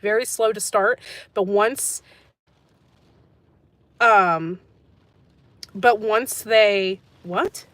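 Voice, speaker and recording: A woman's voice: medium pitch, drawn-out words, long pauses, a bit bright, no room sound. A woman hosting a gardening channel, chatting casually on a live stream and answering viewer comments, rambling and laughing often.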